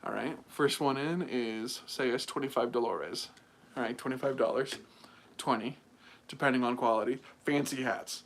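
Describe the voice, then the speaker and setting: A man's voice: mid-range voice, moderate pace, vocal fry. A young man from the United States hosting his own livestream, chatting casually and rambling with lots of fillers. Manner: animated, mocking, rambling with many fillers. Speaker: livestream host.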